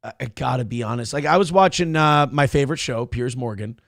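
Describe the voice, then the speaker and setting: A man hosting a morning show, chatting in a rambling, profane, animated way and reading out viewers' messages. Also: mid-range voice, fairly quick, vocal fry, dry recording, studio quality. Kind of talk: casual livestream chat.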